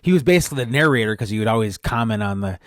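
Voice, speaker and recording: A man's voice: on the low side, animated, very fast, no echo, clean studio sound. A man hosting a podcast, rambling through a made-up story and often correcting himself. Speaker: podcast host.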